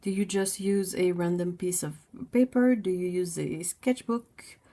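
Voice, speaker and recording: A woman's voice: fairly low pitch, measured pace, warm tone. A woman hosting a casual livestream, chatting in a rambling way with lots of fillers. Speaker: livestream host.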